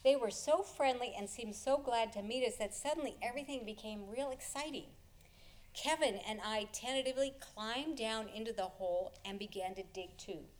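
Brief: woman storyteller, expressive, chuckling, slightly high voice. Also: normal speed. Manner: expressive, chuckles through the telling. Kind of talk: live personal storytelling.

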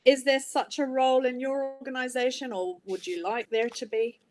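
A woman's voice: high-pitched, steady tone, normal speed, a little mellow, faint music behind. A woman hosting an interview, asking conversational questions and encouraging her guest.

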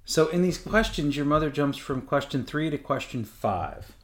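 A man co-hosting a podcast in relaxed casual chat, reading out questions and musing about food. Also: a little high, normal speed. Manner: relaxed, chatty, reads listener questions. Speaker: podcast co-host.

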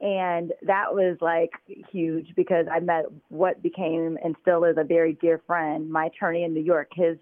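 Guest on a phone-quality line, chatty and filler-heavy, average pitch. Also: little pitch movement, moderate pace, hardly any pauses. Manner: loose, filler-heavy speech with many "like" and "you know". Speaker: interview guest. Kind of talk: casual conversational storytelling. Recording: tinny phone-line audio.

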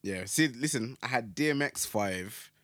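A man's voice: medium pitch, animated, unhurried, a bit bright. A man co-hosting a casual podcast chat, laughing often. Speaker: podcast co-host.

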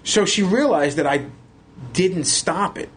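A man, a podcast guest telling animated, profane stories and laughing as he goes. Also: high-pitched, measured pace, slight background noise. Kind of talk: casual storytelling.

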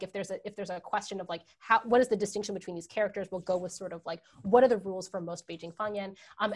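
Hesitant scholarly woman answering questions. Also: medium pitch. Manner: hesitant, many ums and rights. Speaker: guest scholar. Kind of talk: academic Q&A answer.

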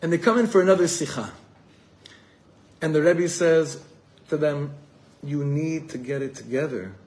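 Animated storytelling rabbi, man. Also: fairly high pitch, moderate pace. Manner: animated storyteller acting out quoted voices. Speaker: rabbi teaching a gathering. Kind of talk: storytelling sermon. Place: evening gathering in a room.

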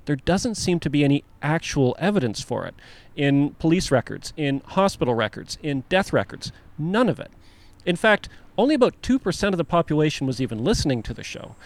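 A man's voice: a little high, sing-song, brisk, few pauses. A man co-hosting a casual podcast, explaining a topic in a storytelling, lecture-like way. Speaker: podcast co-host. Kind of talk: casual chat.

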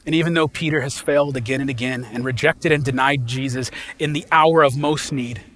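A pastor delivering an impassioned sermon in a folksy, casual way, swinging from loud emphasis to hushed quiet. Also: male voice, medium pitch, fairly even intonation, fairly quick.

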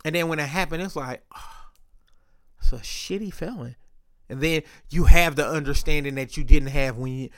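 A man's voice: a little high, a little fast. A man talking in a casual monologue, rambling, profane and often interrupting himself.

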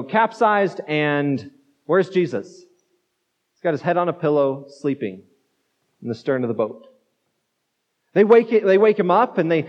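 A man pastor giving a conversational sermon, repeating words as he goes and acting out the quotes. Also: high-pitched. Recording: dull muffled sound in a reverberant hall.

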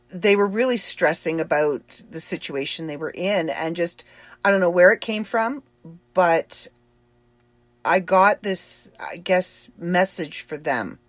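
A woman livestreamer telling a story in a slow, earnest way, with many fillers and restarts. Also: fairly low pitch, no room sound. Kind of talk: casual storytelling.

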